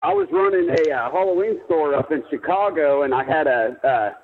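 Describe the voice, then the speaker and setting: A male caller heard through a thin, tinny phone line, his voice slightly raised and bouncing up and down as he talks. He sounds laid-back and jokey. The phone band strips out the lows. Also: very animated, moderate pace. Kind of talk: call-in storytelling. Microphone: telephone.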